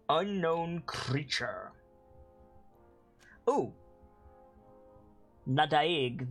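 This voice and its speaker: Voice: mid-range voice, a bit bright, rough recording. A game streamer casually commenting on gameplay and reading game text aloud.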